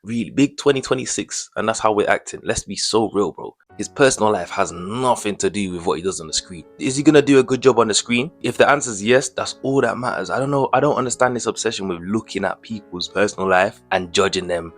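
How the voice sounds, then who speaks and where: A young man with a lowish voice talks straight to camera in a casual commentary vlog. He sounds indignant and slangy and keeps throwing out rhetorical questions. Soft music plays faintly under him. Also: fast talker, few pauses. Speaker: commentary vlogger.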